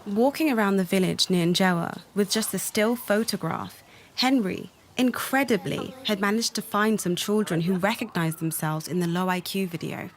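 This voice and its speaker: A woman narrating a documentary in measured, reflective scripted narration. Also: mid-range voice.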